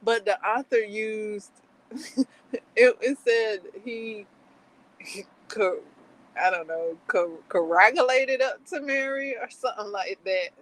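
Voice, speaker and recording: A woman's voice: on the high side, takes it slowly, long pauses, poor audio. A woman hosting a livestream in casual chat, giggly and rambling with lots of fillers. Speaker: livestream host.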